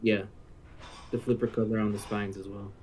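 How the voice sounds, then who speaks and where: A man on a stream call calmly suggesting design changes. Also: lowish voice, normal speed, slight background noise. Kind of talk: casual chat.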